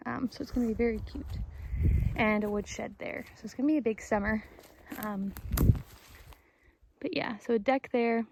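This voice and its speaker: A woman's voice: fairly high pitch, normal speed, gravelly, long pauses, noisy background. A woman vlogging outdoors in a wooded yard, chatting casually and thinking aloud, unsure of her plans. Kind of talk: casual vlog walkthrough.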